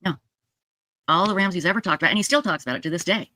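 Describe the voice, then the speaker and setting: A woman telling viewers a true crime story in a casual, animated way, jumping up in pitch for emphasis and checking in with "okay?". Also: very fast, pauses often, no echo. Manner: addresses viewers directly with frequent "okay?". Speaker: true crime video commentator.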